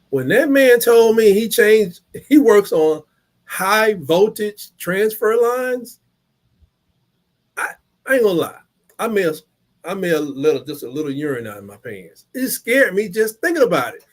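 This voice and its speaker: A man's voice: high-pitched, very animated, moderate pace. A man hosting a live game watch-along, rambling through casual stories in colloquial slang. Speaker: live stream host.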